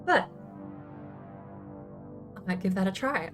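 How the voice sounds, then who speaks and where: High-voiced woman streamer thinking aloud. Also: sing-song, slow, soft background music. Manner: thinks aloud, explaining game build ideas. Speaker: streamer host. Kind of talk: casual livestream chat.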